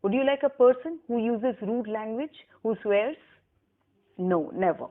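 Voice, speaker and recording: A woman's voice: a little high, phone-quality sound. A woman lecturer, giving a recorded lesson and carefully spelling out words for students. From Pakistan. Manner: slow, deliberate teacher's delivery, spelling words aloud. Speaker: English lecturer.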